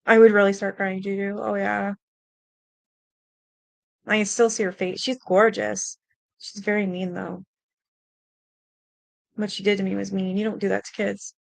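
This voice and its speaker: A woman's voice: medium pitch, level tone, a little slow, creaky, pauses often, no echo. A young adult woman hosting a stream, telling a personal ghost story in a rambling, casual way with lots of fillers, mild swearing, and an earnest, spooked tone. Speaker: host.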